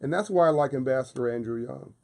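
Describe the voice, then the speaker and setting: A man's voice: mid-range voice, fast talker, vocal fry, mellow. A man talking as a guest on a radio show, passionate and emphatic with a preaching cadence, repeating phrases for force. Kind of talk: casual radio interview talk. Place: radio studio.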